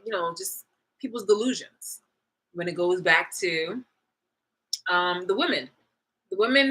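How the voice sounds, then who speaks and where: A woman with a lowish voice and a bright, forceful edge, venting to her audience. She talks bluntly and swears freely, laughing as she goes and dropping from loud bursts to low mutters. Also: rough recording. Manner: profane, blunt, swings between loud and low; laughs often mid-rant. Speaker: vlogger. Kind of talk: casual rant to camera.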